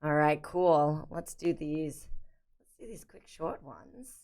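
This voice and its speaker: A woman's voice: deep voice, takes it slowly, a little mellow. A woman streamer chatting casually and admitting she knows little about what is playing. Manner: easygoing, admits not knowing the topic. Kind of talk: casual livestream chat. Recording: music playing behind.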